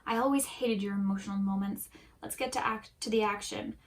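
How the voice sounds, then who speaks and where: A woman's voice: mid-range voice, steady tone, fairly quick, natural voice. A woman reading a fanfic aloud, voicing a fed-up male god villain who taunts and snaps in frustration, in a voice close to her own. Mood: taunting.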